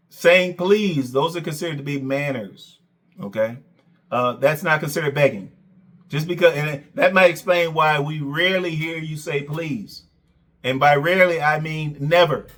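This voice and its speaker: A man's voice: a little high, fairly bright tone. A man hosting a reaction commentary, sarcastic and mocking, who keeps repeating "okay" and "Coach.". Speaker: commentary channel host.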